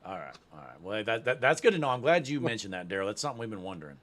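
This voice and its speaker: A man's voice: on the low side, sing-song, racing, a bit bright. A man hosting a sim racing broadcast, wrapping up with upbeat, folksy broadcaster patter. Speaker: play-by-play host.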